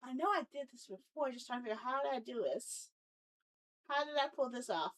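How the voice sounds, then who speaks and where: A woman's voice: high voice, fairly quick. A woman live streaming as she works on her site, muttering to herself, swearing and repeating herself. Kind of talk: casual live stream while coding.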